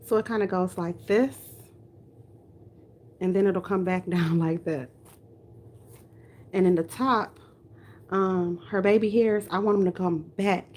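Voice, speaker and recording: A woman with a slight country twang chats casually on a livestream as she works on a reborn doll, talking away while rooting its hair. Her voice is lowish and a little mellow.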